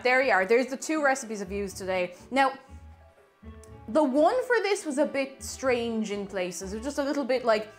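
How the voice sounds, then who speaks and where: A woman, chatting casually on a live stream and reading her chat aloud with animated exclamations. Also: a little high.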